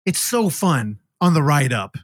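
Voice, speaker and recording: Lively rambling man reviewing a movie. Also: a little high, a little slow, no echo, clean studio sound. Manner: rambling, jokey, acts out characters' lines. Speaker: podcast co-host. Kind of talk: casual podcast film review.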